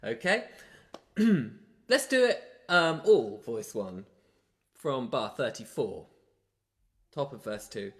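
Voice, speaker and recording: A man's voice: medium pitch, very animated, takes it slowly, long pauses, a bit bright. A man leading a home choir session online, explaining the parts and singing lines for people to copy. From South London. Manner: talks, then demonstrates sung lines. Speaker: choir leader.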